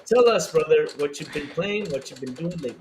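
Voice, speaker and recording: Animated high-voiced podcast host. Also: male voice, brisk, a little hiss or hum. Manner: joking, animated, calls everyone brother. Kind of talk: casual gaming podcast chat.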